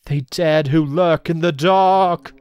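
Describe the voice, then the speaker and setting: Brief: possessed girl intoning a dark spell, slow and solemn, pitched a little high, voiced by a man. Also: steady tone, clear, resonant tone, dry recording. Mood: ominous. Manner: slow, solemn, drawn-out chant. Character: possessed young woman chanting a dark spell.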